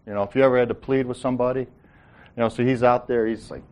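A man leads a relaxed Bible study, mixing scripture with jokes and folksy asides. He acts out the characters' lines with a lively, conversational delivery. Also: medium pitch, fast talker, slight background noise. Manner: folksy, joking, acts out quotes. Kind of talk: informal Bible teaching.

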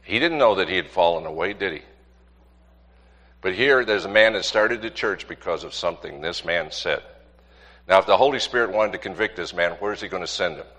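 A man's voice: low-pitched, brisk, fairly bright tone, long reverb tail. A man preaching to a congregation, asking rhetorical questions and repeating points for emphasis. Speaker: pastor. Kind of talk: sermon with congregation.

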